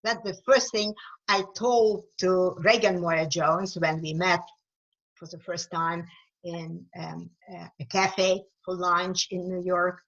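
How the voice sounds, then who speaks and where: A woman speaking with an East European accent, a guest author talking slowly and thoughtfully in a webinar, sometimes repeating words as she searches for them. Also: on the low side, little pitch movement, lo-fi sound. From Ukraine. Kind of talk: webinar talk.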